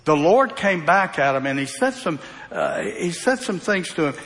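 A very animated man on the high side, with a fairly bright tone and normal speed, gives a folksy verse-by-verse sermon. He throws rhetorical questions at the congregation, and the sound is that of a reverberant hall.

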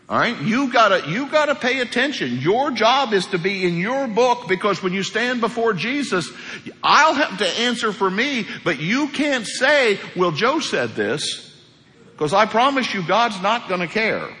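Middle-aged man, pastor, emphatic sermon, bright lively voice, echoing church hall. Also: fairly high pitch. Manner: animated, emphatic preaching with asides. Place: church sanctuary. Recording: long hall reverb.

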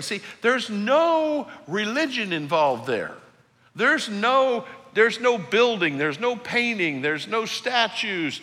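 A man preaching a sermon in a church, swinging between loud emphatic highs and hushed low passages. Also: big pitch swings, slow pace, long reverb tail. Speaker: pastor. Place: church sanctuary.

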